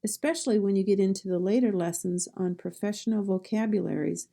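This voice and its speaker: A woman teaching pronunciation, saying each word twice and stressing the sounds clearly. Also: mid-range voice, fairly quick, warm tone. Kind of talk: slow, deliberate pronunciation lesson.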